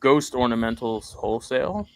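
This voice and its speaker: A man's voice: medium pitch, animated, normal speed, a little hiss or hum, low-quality recording. A man co-hosting a podcast, telling rambling stories in casual chat and acting out the people in them. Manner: rambling storyteller, acts out quoted people. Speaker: podcast co-host.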